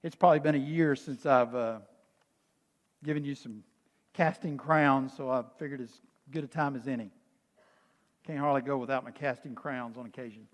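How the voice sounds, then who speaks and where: A male pastor preaching a sermon with quiet urgency, at times reciting song lyrics softly. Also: mid-range voice, steady tone, normal speed. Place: church sanctuary. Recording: long church reverb.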